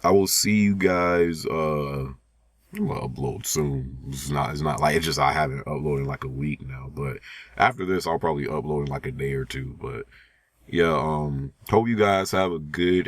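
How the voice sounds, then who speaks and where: A young YouTuber with a very low voice talks to his viewers in a loose, slangy ramble full of fillers and restarts. He sounds sleepy. The sound is dry, with no room echo. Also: moderate pace. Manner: laid-back slangy talk. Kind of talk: casual vlog talk to viewers.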